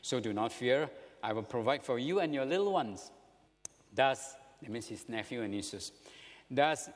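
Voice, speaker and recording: A man with a Singaporean English accent delivers a sermon, animated and full of rhetorical questions. His voice has an ordinary middle pitch. It rings with the long reverb of a large hall. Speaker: preacher.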